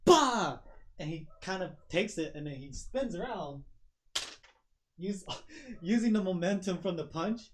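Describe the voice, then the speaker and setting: A man's voice: high-pitched, unhurried, long pauses, a little mellow, slight background noise. A man narrating a home tabletop game as game master, rambling with many fillers and often laughing. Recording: dull home recording.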